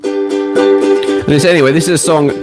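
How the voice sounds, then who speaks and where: This British man in his late forties has a fairly high, steady voice and speaks unhurriedly. He hosts a ukulele live stream, chatting casually with a self-deprecating, joking manner while loud ukulele music plays behind him.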